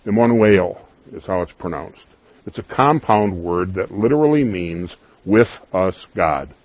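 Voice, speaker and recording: A man preaching a sermon, emphatic, rising loud on key lines and dropping to soft asides. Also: low voice, expressive, measured pace, no room sound, highs cut off.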